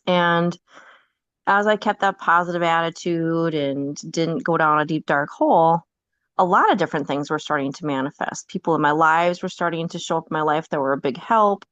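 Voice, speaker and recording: A lower-pitched woman tells a personal story in casual chat, candid and quick to laugh. Her voice comes through a dull, lo-fi mic. The sound is dry and close. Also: fairly bright tone, no room sound. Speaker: podcast guest.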